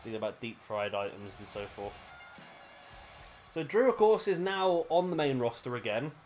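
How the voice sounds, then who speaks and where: Faint music plays behind a British man narrating a wrestling video game in a rambling, conversational style, often fixing his words mid-sentence. His mid-range voice is sing-song and a little mellow, and his pace is moderate.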